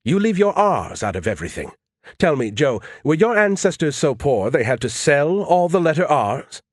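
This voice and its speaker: A man's voice: fairly high pitch, sing-song, normal speed, no room sound, studio quality, pitched above the performer's own voice. A man voicing a smug, sarcastic male AI who talks down to people and teases them. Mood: mocking. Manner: condescending, teasing.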